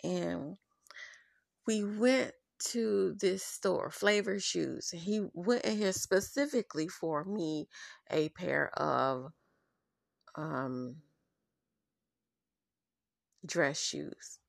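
A woman's voice: fairly low pitch, very slow, creaky, long pauses, no room sound, studio quality. A woman podcast host telling a personal story in a candid, profane, openly angry way.

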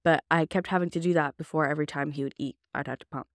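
A woman's voice: sits low, steady tone, quick pace, no echo, studio quality. A young woman hosting a podcast, telling a personal story in a candid, chatty way full of casual fillers. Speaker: podcast host.

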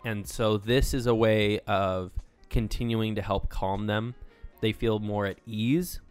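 A man co-hosting a casual podcast, explaining sales and negotiation ideas with lively inflection. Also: lowish voice, slow pace, clean tone, faint music behind. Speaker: podcast co-host.

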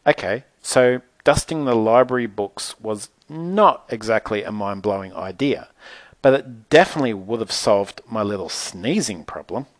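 A man reading a chatty, first-person storybook aloud with lively, animated delivery. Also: fairly low pitch, moderate pace, dry recording. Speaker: narrator.

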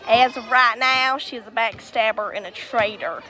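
High-voiced woman joking dramatically outdoors. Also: moderate pace, sharp tone, some chatter behind. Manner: playful, over-dramatic joking. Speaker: podcast co-host. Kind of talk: casual podcast chat while walking. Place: outdoors on a busy street.

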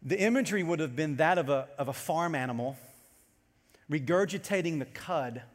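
A man preaching a sermon to his congregation as pastor, animated and storytelling as he goes. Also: on the high side, normal speed, long reverb tail.

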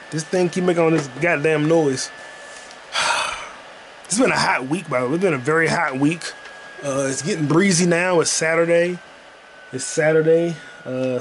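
A man's voice: on the high side, slight background noise. A man hosting a podcast, chatting casually and profanely while he plays a video game. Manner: rambling, profane, jokey. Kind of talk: casual gaming commentary.

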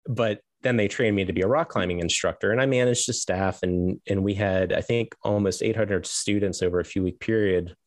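A middle-aged man with a low voice tells his story as a guest on an interview show. He rambles, restarts his sentences and laughs now and then. The sound is dry, with no room echo. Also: a little fast, hardly any pauses. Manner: rambling, self-correcting, laughs as he tells stories.

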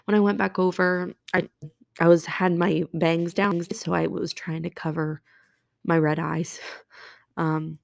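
Podcast host, woman, nurse; low voice with vocal fry, emotional and halting, dry close sound. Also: little pitch movement, no room sound. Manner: emotional, halting, many restarts and fillers. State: close to tears. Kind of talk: personal confessional podcast monologue.

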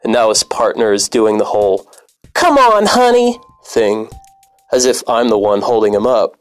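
Low-voiced man telling a bitter story. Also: flat delivery, brisk, soft background music. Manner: bitter, profane, wry. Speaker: former cab driver. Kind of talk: personal story narration.

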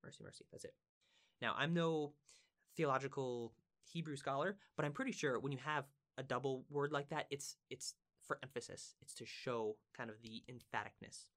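A man's voice: medium pitch, moderate pace, fairly bright tone. A man teaching from the Bible in a casual, conversational way. He is earnest and emphatic, repeats words for stress and asks his listeners questions.

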